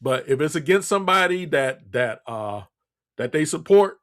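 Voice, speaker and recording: A man's voice: medium pitch, lively intonation, moderate pace, a bit bright. A man hosting a radio talk show, delivering a blunt, scolding political monologue with lots of repetition. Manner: blunt, scolding, repeats himself.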